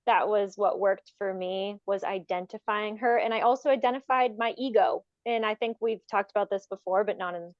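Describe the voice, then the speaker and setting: A woman's voice: medium pitch, brisk, few pauses, dry recording. Woman co-host, reflective explainer, dry, slightly muffled audio. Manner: reflective, explanatory, trails off with fillers. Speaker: podcast co-host. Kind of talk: casual spiritual chat.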